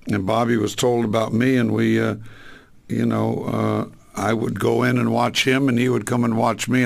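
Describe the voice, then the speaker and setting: An older man with a gravelly, fry-edged voice tells old stories in a loose, rambling way, stopping often on fillers and restarts. He sounds relaxed, like a guest in a long interview. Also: medium pitch. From Southern California. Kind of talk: relaxed reminiscing.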